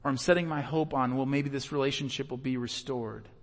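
Delivering a conversational sermon, a male pastor imitates the voices of those he quotes. His medium-pitched voice has fairly even intonation and moves a little fast, with a long reverb tail on the recording.

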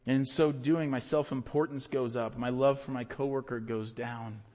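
A man's voice: steady tone, normal speed, a little mellow. Male pastor, mid-range voice, emphatic sermon delivery, long hall reverb. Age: adult with young children. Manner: earnest, builds to emphatic peaks then drops low.

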